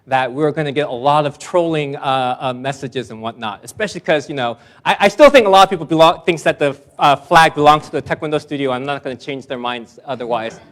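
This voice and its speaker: Pastor, man, slightly high voice; warm self-mocking stories, emphatic at the close. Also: a little fast. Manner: personal, self-deprecating humor, builds to emphatic close. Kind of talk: sermon.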